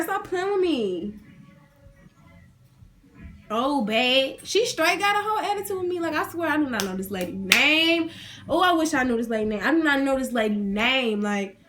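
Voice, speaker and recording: A young woman, ranting to her viewers in an animated, indignant, slangy way. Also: high voice, moderate pace. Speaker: vlogger. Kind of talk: casual rant to camera.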